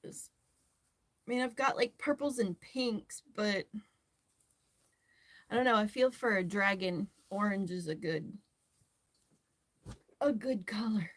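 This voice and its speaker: Woman chatting slow while she crochets, rambly, laughs a lot. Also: mid-range voice, fairly bright tone. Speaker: crochet tutorial host. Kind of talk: casual chat while crocheting.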